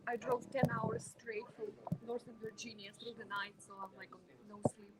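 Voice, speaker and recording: A woman's voice: a little high, steady tone, normal speed. A woman from Siberia with a Russian accent, a native Russian speaker, chatting effusively as a guest and volunteer at a birthday party. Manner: effusive, enthusiastic. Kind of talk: casual chat. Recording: crowded party noise.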